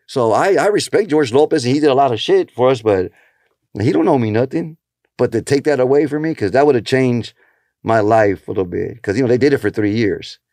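A man's voice: expressive, a little fast, darkish tone, no room sound, clean studio sound. A comedian telling stories in casual chat, acting out the people he quotes. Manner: storytelling, acting out quotes with shifting pitch.

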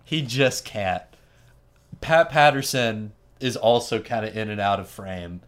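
A man hosting a podcast, telling a story in an animated, wry, casual way and laughing often. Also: lowish voice, unhurried. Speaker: podcast host.

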